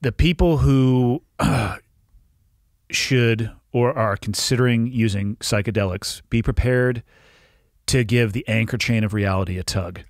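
A man's voice: mid-range voice, unhurried, no echo, clean studio sound. A man hosting a podcast, speaking in a thoughtful, plain-spoken way with casual swearing. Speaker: podcast host. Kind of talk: casual conversation.

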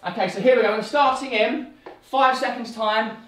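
A woman leading a playful home workout from her living room, calling out quick upbeat cues. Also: fairly high pitch, steady tone, a bit bright, slight background noise. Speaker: fitness instructor. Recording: echoey room, distant mic.

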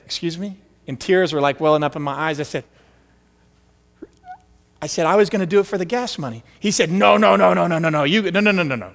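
A man preaching a storytelling sermon as pastor, acting out the voices of the people in his stories. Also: a little high. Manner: animated, acts out quoted voices. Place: church sanctuary. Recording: long hall reverb.

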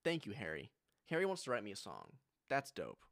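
A man's voice: fairly low pitch, huge pitch swings, brisk, creaky, fairly bright tone, no echo, studio quality. A young man with a Southern US accent, streaming a casual music reaction with joking, rambling asides. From United States.

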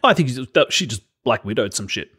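A man's voice: medium pitch, sing-song, fast talker, a bit bright, breathy edge. A man co-hosting a podcast, chatting casually about a film with wry, sarcastic asides and frequent laughter. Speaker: podcast co-host. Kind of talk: casual film review chat.

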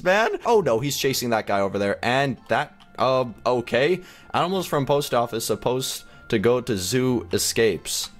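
A young man hosting a gaming channel, giving excitable, rambling gameplay commentary with frequent laughs and gasps. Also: medium pitch, a little fast, faint music behind.

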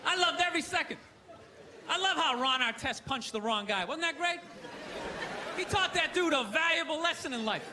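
Loud, ranting stand-up comedian man. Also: extremely high pitch, lively intonation, normal speed. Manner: loud ranting sarcastic delivery. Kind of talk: stand-up set. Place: theater stage. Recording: live show with crowd laughter and noise. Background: audience laughter.

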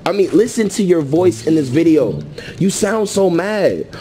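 High-voiced man trash-talking on stream. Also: expressive, measured pace, warm tone, slight background noise. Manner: boastful, taunting, laughing.

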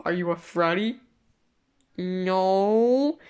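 A woman's voice: mid-range voice, very slow, a little mellow. A woman voicing a grumpy, bossy male plush bear who is curt and dismissive, in a plush toy video.

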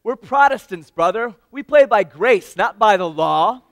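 Quick quoted bit: a jovial pastor, raised and hearty, clear voice, as a man puts him on. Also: high voice, lively intonation, a bit bright, no echo, voice pushed up, heavily acted. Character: jovial male pastor on a pitcher's mound.

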